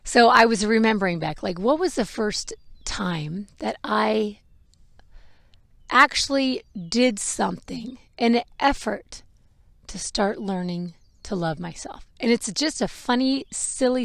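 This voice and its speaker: A mother who hosts a podcast tells a personal story frankly and emotionally, laughing and swearing now and then. Her medium-pitched, gravelly voice runs a little slow, and the recording is dry.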